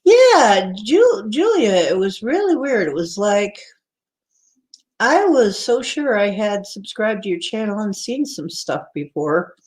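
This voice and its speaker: Woman, live-stream host, unhurried delivery, chatty and rambling, greets viewers. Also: medium pitch, big pitch swings, darkish tone. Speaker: livestream host. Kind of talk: casual live-stream chat.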